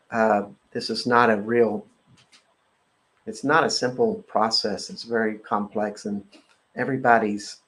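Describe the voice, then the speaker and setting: A man hosting a live energetic clearing session, repeating a chant-like clearing phrase and talking in a halting way with many fillers. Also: lowish voice, rough recording. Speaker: host and energy-clearing practitioner. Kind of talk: guided energetic clearing talk on a live show.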